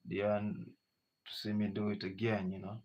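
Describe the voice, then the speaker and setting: A man's voice: on the low side, level tone, normal speed, a little mellow. A man hosting a casual livestream, reading out viewer comments and greeting them by name, dropping "you know" often. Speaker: livestream host. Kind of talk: casual live-stream chat with viewers. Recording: dull lo-fi stream audio.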